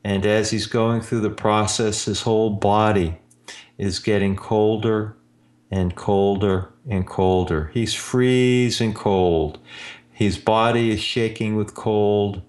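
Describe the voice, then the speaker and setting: A man hosting a show as an energy healer, telling a client story in a slow, drawn-out way. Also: fairly low pitch, steady tone, a little mellow. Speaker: energy healer radio host. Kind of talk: storytelling monologue. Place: Austin, Texas.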